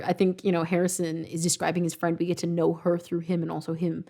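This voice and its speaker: A woman's voice: fairly low pitch, monotone, fast, gravelly, dark tone. A young adult woman hosting a casual writing-craft talk, chatty and questioning, peppering her points with "like" and "right?". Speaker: writer and channel host.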